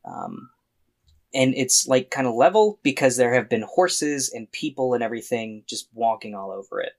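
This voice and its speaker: A man's voice: medium pitch, wildly swooping pitch, moderate pace. A man narrating as dungeon master, setting scenes in a loose, playful way. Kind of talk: narrating a tabletop game.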